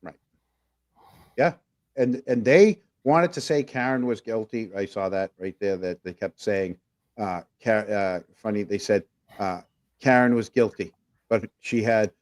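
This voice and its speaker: A man's voice: lowish voice, measured pace. A man co-hosting a casual livestream talk show, rambling through viewer comments with plenty of fillers. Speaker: podcast co-host.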